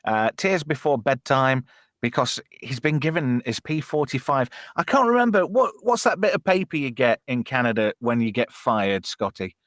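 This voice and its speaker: Brash stream host, crude and mocking, lively swinging voice, dry close sound. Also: male voice, mid-range voice, moderate pace, no echo. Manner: crude, swearing, teasing. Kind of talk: casual live-stream chat.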